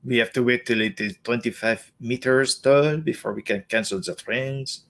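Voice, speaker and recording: A man's voice: mid-range voice, moderate pace, gravelly, fairly bright tone. Man doing a hammy French Canadian bloke, half-speed and drawn out, for a laugh. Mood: mocking. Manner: exaggerated jokey impression. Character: mock French Canadian man complaining about snow.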